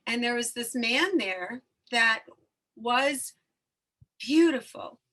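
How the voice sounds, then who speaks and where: A woman hosting a casual spiritual conversation, telling a personal story in an animated, emotional way. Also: a little high, slow. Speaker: host.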